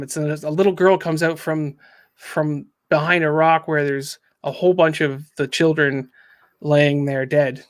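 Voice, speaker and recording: Higher-voiced man casually recapping a story. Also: little pitch movement, measured pace. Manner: recaps a story and acts out the quotes, with frequent ums. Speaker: comic book reviewer. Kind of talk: casual podcast chat.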